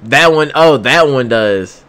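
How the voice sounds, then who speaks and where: A young man hosting an anime reaction, reacting in excitable, slangy banter and laughing often. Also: medium pitch, takes it slowly. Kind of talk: casual reaction commentary.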